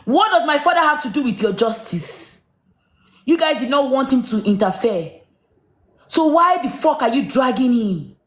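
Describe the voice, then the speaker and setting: A woman ranting on a livestream, shouting accusations and rhetorical questions at someone. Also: high-pitched, animated, normal speed, echoey room. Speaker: social media livestreamer. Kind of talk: angry live-stream rant.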